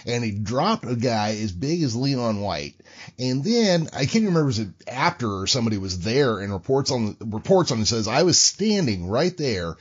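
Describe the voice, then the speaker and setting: A man co-hosting a podcast and reacting to a story with animated, profane commentary. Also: medium pitch, normal speed, husky. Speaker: podcast co-host. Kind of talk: casual chat. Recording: lo-fi, dull audio.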